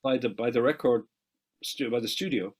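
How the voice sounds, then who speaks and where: A middle-aged Irish man, a guest musician in an interview, telling lively anecdotes with quick asides and casual swearing. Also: medium pitch, husky, low-quality recording.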